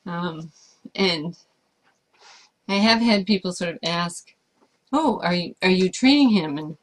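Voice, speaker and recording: In a casual Q&A chat, a woman with a lowish voice answers viewer questions about life with her service dog. She's thoughtful and hesitant, using frequent fillers.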